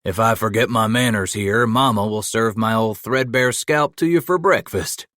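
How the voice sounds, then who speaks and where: A man voicing a gruff, hospitable old mountain man, hollering in a folksy frontier drawl. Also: on the low side, moderate pace, fairly bright tone, dry recording, studio quality, natural voice. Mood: hearty.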